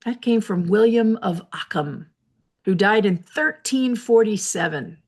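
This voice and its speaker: A woman hosting a reflective solo talk from her office, explaining ideas in a measured, lecturing way with personal asides. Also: medium pitch, animated. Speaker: host.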